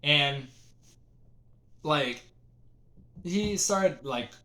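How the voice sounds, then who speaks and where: Rambling young man, slightly high voice. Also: expressive, very slow, pushed and bright. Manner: rambling, full of "like" fillers and restarts. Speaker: storyteller. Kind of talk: casual storytime.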